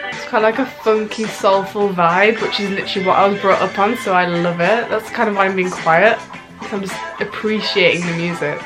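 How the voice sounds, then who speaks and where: A woman's voice: medium pitch, rough recording. A young woman reacting to an album at home late at night, gushing and giggly, saying "literally" constantly. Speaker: music reaction vlogger. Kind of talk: casual first-listen album reaction.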